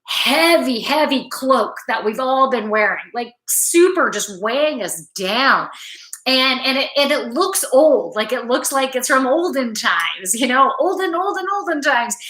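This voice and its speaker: A woman's voice: on the high side, animated, unhurried, fairly bright tone, reverberant, rough recording. A woman doing a casual spiritual card reading, chatty and rambling, tired from little sleep and laughing at herself. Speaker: tarot card reader.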